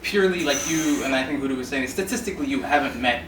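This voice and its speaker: A man's voice: medium pitch, quick pace. A man on a discussion panel giving earnest advice, often restarting his words. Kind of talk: casual panel chat. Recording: roomy, distant mic, noisy.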